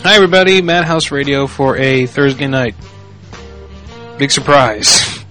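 A man's voice: medium pitch, a little slow, bright, forceful tone, soft background music, low-quality recording. A man hosting a podcast in casual chat, crude and joking, swearing freely. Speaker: podcast host.

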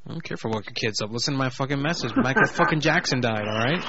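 A man's voice: mid-range voice, lively intonation, fast talker, highs cut off, very noisy. A young man hosting a prank call internet radio show, crude and joking, swearing often. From Orlando, Florida. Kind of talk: casual internet radio banter.

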